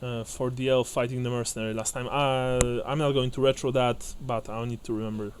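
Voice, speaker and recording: A man narrating as game master of a tabletop game, hesitant with many fillers and restarts, often breaking into quick laughs. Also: medium pitch, flat delivery, background noise.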